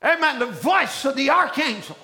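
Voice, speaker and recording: Male preacher, very high and sharp-toned, fiery sermon with shouted peaks and hushed stretches. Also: animated, normal speed. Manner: shouting and dropping to a hushed low voice.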